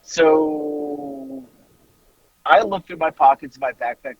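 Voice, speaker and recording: A man, a podcast host telling a story in a casual, animated way, laughing and swearing freely. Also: a little high, slow pace, creaky, breathy edge, no echo, dull audio.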